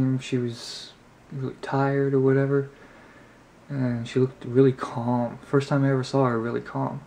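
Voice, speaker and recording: A man's voice: mid-range voice, vocal fry, darkish tone, a little hiss or hum. A man vlogging, telling a story casually to camera in a rambling way with lots of filler words. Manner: rambling, heavy on "you know" fillers.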